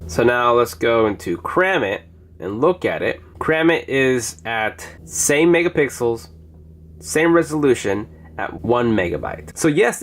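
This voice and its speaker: A man casually reviewing phone apps, chatty as he demonstrates each one on screen. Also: medium pitch. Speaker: app reviewer. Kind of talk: casual app review narration.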